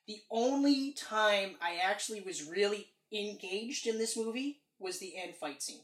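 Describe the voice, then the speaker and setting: A woman's voice: mid-range voice, animated, measured pace, fairly bright tone. A woman co-hosting a casual movie review chat, ranting animatedly and acting out characters' lines. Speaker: podcast co-host. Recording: echoey room.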